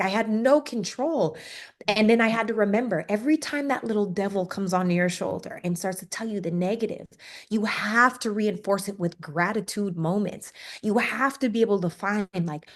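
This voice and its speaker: A woman from Canada, a podcast guest, talking candidly and emotionally about a hard stretch of her life. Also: medium pitch. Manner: candid, emotional storytelling with lively swings. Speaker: podcast guest, speaker and entrepreneur. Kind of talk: casual interview talk.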